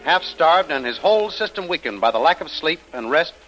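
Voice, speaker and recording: A man's voice: a little high, animated, fairly quick, a bit bright, rough recording. A man narrating an old radio drama in an earnest, announcer-like way. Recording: old radio broadcast with music bed.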